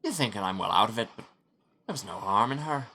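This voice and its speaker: Going full character voice, a man with a lowish, pushed, bright and slightly rough voice delivers an animated, fast take on a gloomy young Scottish doctor with dry ruefulness. The put-on Scottish accent is shaky, sliding toward Irish.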